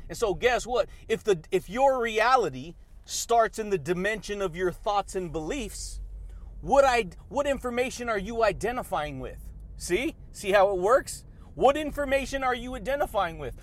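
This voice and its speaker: High-pitched hype guy doing a motivational podcast, slangy, laughs a lot, loves his catchphrases. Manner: hyped, slangy, repeats catchphrases and laughs often. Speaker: podcast host.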